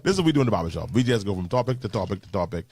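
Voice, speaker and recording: A pastor with a Bahamian accent hosting a casual radio panel talk, reading out listener messages and steering the topics. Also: male voice, on the low side, very animated, very fast, darkish tone. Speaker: pastor and radio show host. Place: radio studio.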